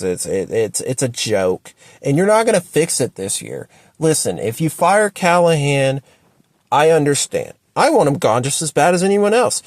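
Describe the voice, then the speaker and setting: A man ranting at home about his football team, exasperated and repeating himself. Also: dry recording. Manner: exasperated, repetitive ranting with sharp swings up and down in pitch. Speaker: sports fan commentator. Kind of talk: ranting sports opinion video.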